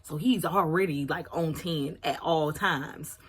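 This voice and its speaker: Woman, about 30, low husky voice, candid and chatty vlog storyteller. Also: a little slow. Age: around 30. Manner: candid, chatty, apologizes for oversharing. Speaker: vlogger.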